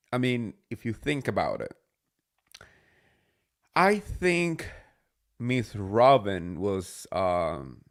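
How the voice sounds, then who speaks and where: A man's voice: medium pitch, clear, resonant tone. A man hosting a casual recap show, chatty and sarcastic, talking with many fillers. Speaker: podcast host.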